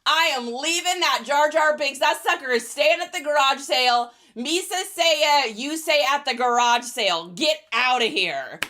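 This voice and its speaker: Bright, chatty woman streaming host. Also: high-pitched. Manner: quick, chatty, laughs often. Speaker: reseller livestream host. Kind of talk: casual livestream chat with viewer questions.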